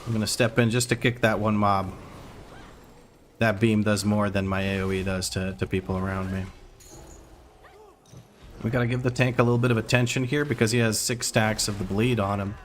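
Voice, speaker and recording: A man's voice: fairly low pitch, fairly even intonation, moderate pace, long pauses, slight background noise. A man streaming a game, giving running play-by-play with wry asides to his chat. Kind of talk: live gameplay commentary.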